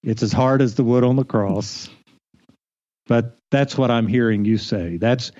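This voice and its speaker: A man's voice: medium pitch, unhurried, warm tone, dry recording. A man co-hosting a faith podcast, speaking thoughtfully and telling personal stories. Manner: thoughtful, storytelling. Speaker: podcast co-host. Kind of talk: reflective faith podcast chat. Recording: slightly dull lo-fi recording.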